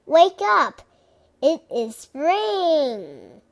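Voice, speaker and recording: Brief: bright eager frog read by a woman, calls out excitedly, very unhurried delivery, dry close sound. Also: on the high side, no echo. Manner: excited calling. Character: eager cheerful male frog.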